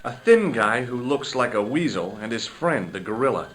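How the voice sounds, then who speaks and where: A man voicing a wry, deadpan detective. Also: mid-range voice, normal speed, natural voice. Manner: sardonic, deadpan wisecracks. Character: wry adult male detective, dry humor. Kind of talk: game narration and dialogue. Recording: game audio with faint music.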